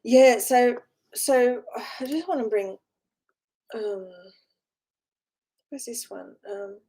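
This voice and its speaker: A woman's voice: a little high, drawn-out words, dark tone, low-quality recording. A woman giving an informal spiritual talk as a teacher, earnest and encouraging, rambling and repeating words as she keeps checking in with her listeners.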